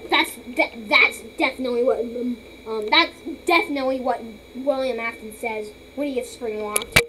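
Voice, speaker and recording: A woman's voice: fairly high pitch, normal speed, very noisy. A woman hosting a casual toy vlog, rambling dramatically and breaking into shrieks. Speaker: channel host.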